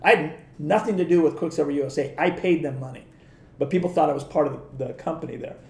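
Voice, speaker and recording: A man's voice: on the high side, fast talker, darkish tone, reverberant. A middle-aged man, a guest on a podcast, telling rambling stories in a casual way, with many restarts. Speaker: guest, former pro surfer and surf industry rep. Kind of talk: casual storytelling.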